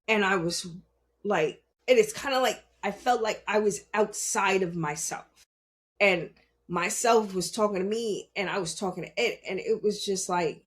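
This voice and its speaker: A woman podcast host and spiritual healer telling a personal story, swinging between loud emphasis and hushed asides, laughing often and swearing. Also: mid-range voice, moderate pace.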